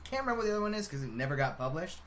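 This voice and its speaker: A man co-hosting a podcast in casual chat, telling stories in an animated, profane way. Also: on the high side, racing, slight background noise. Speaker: podcast co-host.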